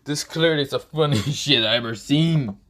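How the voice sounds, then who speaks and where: A man's voice: mid-range voice, moderate pace, fairly bright tone, pitched above the performer's own voice, lightly acted. A man voicing a mocking, perverted male dragon spirit who lives in a boy's head and teases him crudely. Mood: teasing. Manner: teasing, laughing, crude.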